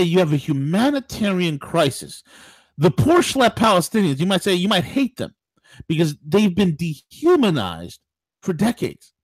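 A man hosting a political talk radio show, ranting in an animated way, with mock voices and laughter. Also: fairly high pitch, dry recording.

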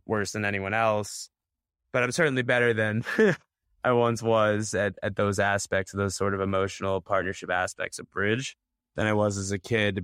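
Young guy with a low voice rambling candidly, lots of likes and you knows, dry sound. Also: a bit bright, clear, resonant tone, dry recording. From United States. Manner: loose and candid, many fillers and restarts. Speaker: bridge player guest. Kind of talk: casual interview answers.

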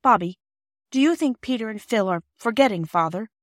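A woman reader voicing a weary, loving mother in a storybook reading, speaking softly and tenderly. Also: animated, normal speed, dry recording, clean studio sound, lightly acted. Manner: soft, tender, low-key.

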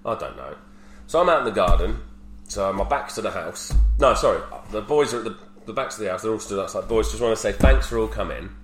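A man's voice: on the low side, animated, fast, faint music behind. A man in his thirties, telling candid stories in casual podcast chat and swearing freely. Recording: roomy echo with faint hum.

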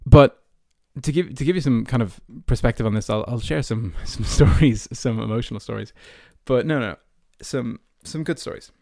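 Young irish guy, podcast host, casual storytelling, lots of fillers, mid-pitched voice, dry close sound. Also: normal speed, gravelly, hardly any pauses, mellow, no echo. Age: early 20s. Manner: chatty, many fillers like "like" and "you know".

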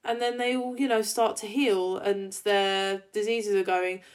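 A woman co-hosting a fan podcast, recounting scenes in a chatty, animated way and acting out the characters' lines. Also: medium pitch, measured pace. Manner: chatty with many fillers. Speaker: podcast co-host. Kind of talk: casual fan chat.

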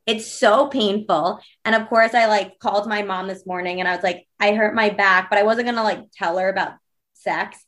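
A woman's voice: medium pitch, fairly even intonation, normal speed, fairly bright tone. A young woman guest on a podcast, telling candid stories casually with many fillers and acted-out quotes.

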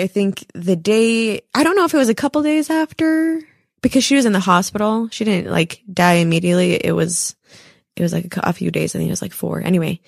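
A woman's voice: mid-range voice, vocal fry, dry recording, studio quality. A young woman guest talking casually and emotionally, full of fillers. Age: young adult. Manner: chatty, emotional, many fillers. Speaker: podcast guest. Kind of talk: casual chat.

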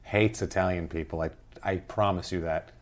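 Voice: deep voice, steady tone, normal speed, slight background noise. A co-host of a casual podcast, sarcastically ranting about a movie's silly plot and swearing now and then. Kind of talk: casual movie recap chat.

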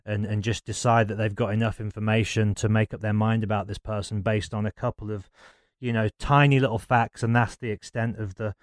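A lowish, smooth and resonant male host who speaks in an even, fairly flat tone. The sound is dry and close, and he affirms his guest earnestly. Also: fairly quick, dry recording. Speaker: podcast host. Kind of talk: casual interview chat.

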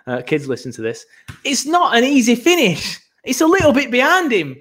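A man talking football in a relaxed, hesitant way on a casual podcast. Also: extremely high pitch, normal speed, breathy edge. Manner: laid-back, hesitant, many fillers. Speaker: podcast co-host.

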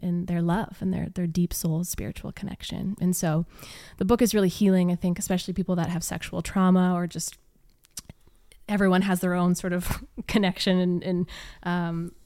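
A woman guest on a podcast, telling a story in a casual, rambling way with many "likes" and "ums" and soft laughs. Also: fairly low pitch. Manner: rambling, heavy use of "like" and "um". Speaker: podcast guest, yoga teacher.

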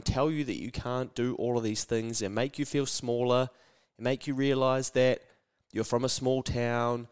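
A man hosting a motivational solo podcast, energetic and blunt, swearing freely and mimicking naysayers in a higher voice. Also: smooth. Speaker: podcast host.

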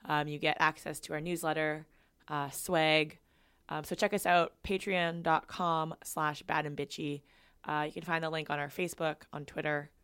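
A woman co-hosting a casual podcast, her voice a little low and notably smooth and clear. She runs through announcements and news in a chatty way, filling pauses with ums. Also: little pitch movement, fairly bright tone. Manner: chatty, reads housekeeping notes with filler ums. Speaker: podcast co-host.

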